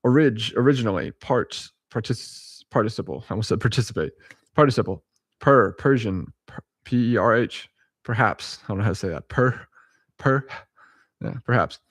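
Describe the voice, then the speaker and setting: A man's voice: mid-range voice, lively intonation, moderate pace. A man with a mid-range voice reads through a list aloud in a laid-back vlog, spelling each entry out letter by letter. He chuckles between items, trips over words and fixes them, and wanders into side comments. The sound is dry, with no room echo. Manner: chuckling often, self-correcting, rambling asides. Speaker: vlogger. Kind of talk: casual reading-aloud vlog.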